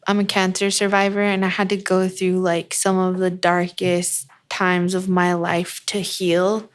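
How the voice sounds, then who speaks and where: An earnest woman speaks on a casual podcast, unhurried and from the heart. Her voice is smooth and clear and keeps to a narrow, steady pitch. She lingers on her words as she talks about her children. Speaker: guest, beauty brand founder.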